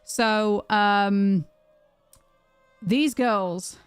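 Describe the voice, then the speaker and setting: A young British woman streaming, telling a story to her chat in a chatty, animated way with plenty of restarts. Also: mid-range voice, very slow, clear, resonant tone, dry recording, faint music behind. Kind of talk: casual storytelling to a live chat.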